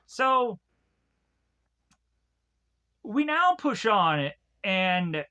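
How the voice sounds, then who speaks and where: A man's voice: sits high, sing-song, a little slow, bright, forceful tone, highs cut off. A man giving a rambling, casual episode recap, laughing often and swearing freely. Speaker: episode reviewer.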